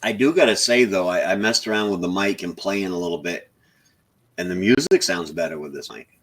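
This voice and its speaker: A man with a Southern drawl, co-hosting a live stream in slow, easygoing casual chat. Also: sits low, fairly bright tone. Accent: American Southern drawl.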